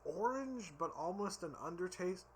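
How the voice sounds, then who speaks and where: A tipsy man reviews drinks in a loose, rambling vlog. His voice is bright and sits a bit high, and he keeps tripping over his words. A faint hiss of noise sits under the recording. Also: a little slow.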